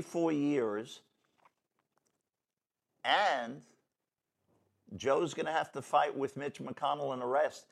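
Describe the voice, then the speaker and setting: A man hosting a casual political talk show, rambling and blunt in a folksy way. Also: mid-range voice. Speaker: show host.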